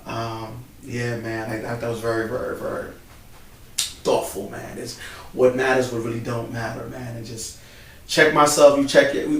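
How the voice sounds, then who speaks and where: A man in casual, emotional chat, peppering his talk with "bro" and "man", recorded in a church building. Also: medium pitch. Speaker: co-host. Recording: roomy, distant mic, faint background noise.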